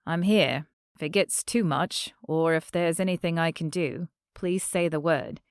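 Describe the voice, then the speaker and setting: A woman narrator voicing a gentle, reassuring young man with dry humor, in an audiobook. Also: low voice, unhurried, clean tone, no echo. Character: supportive young man, calm boyfriend type.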